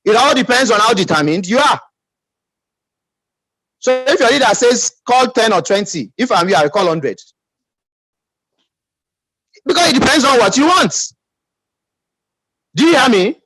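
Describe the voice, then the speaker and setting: Emphatic Nigerian man, lively high voice. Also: normal speed, pauses often, slightly rough, no echo, poor audio. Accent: Nigerian English. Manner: emphatic, calls for audience responses. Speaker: business team leader. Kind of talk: motivational pep talk.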